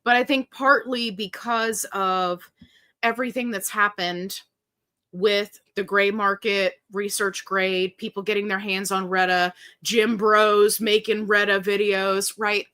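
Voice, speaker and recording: A woman hosting a casual live stream, chatting with viewers and reading their comments in a lively, joking way. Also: mid-range voice, smooth. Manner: chatty and animated, quick asides and laughs. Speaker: livestream host.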